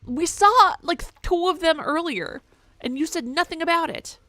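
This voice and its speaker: A young woman playing a video game and commenting as she goes, animated and profane, reading game text aloud, close to a desk mic. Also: very high-pitched, normal speed, dry recording. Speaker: gaming streamer. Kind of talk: let's play commentary.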